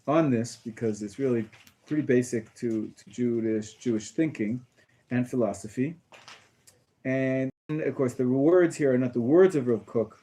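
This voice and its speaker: A man teaching a small class as a rabbi, talking casually about a text with halting phrasing, many fillers and restarts. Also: mid-range voice, mellow.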